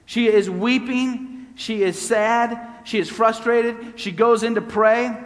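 A man's voice: very high voice, fairly even intonation, slow pace. A man preaching a sermon as pastor, with an emphatic, repeating cadence that builds on phrases. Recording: long hall reverb.

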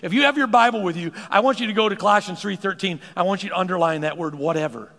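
A pastor preaches with a gravelly, slightly raised voice, stumbling over repeated words as he gathers steam. The sound carries a long reverb from the church around him. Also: high-pitched, quick pace. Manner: animated preaching, repeats words when starting sentences. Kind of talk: sermon.

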